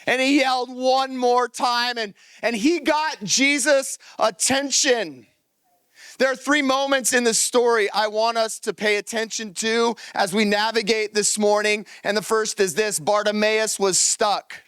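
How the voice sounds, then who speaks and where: Man preaching, energetic pastor, crisp resonant voice, bright and forceful tone. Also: very high-pitched, unhurried, no echo. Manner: animated, energetic preaching to a congregation; reads scripture aloud and acts out the story. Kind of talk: sermon. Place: church service.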